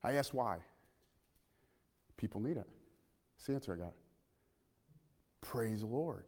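A man preaching a sermon in a church, impassioned, swinging from loud calls to hushed asides and asking his listeners questions. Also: fairly low pitch, animated, unhurried, breathy edge, in a large hall.

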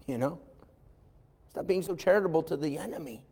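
A man preaching a sermon as an animated storyteller who acts out voices and adds wry asides, recorded in a church sanctuary. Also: a little high, measured pace, gravelly, pauses often, breathy edge. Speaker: pastor. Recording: long hall reverb.

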